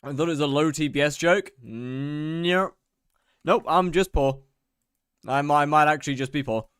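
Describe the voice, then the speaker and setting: A man's voice: a little high, normal speed, a bit bright, clear, resonant tone, dry recording. Man, British accent, young adult, game streamer, casual and rambling, dry sound. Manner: rambling, self-mocking, reads chat aloud. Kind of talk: casual live-stream chat while gaming.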